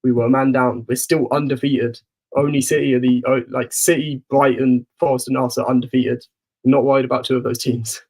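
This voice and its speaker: Husky man, confident slangy chat. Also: medium pitch, flat delivery, brisk, a little mellow. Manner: confident, slangy, says "bro" often. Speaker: podcast co-host. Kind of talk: casual football chat.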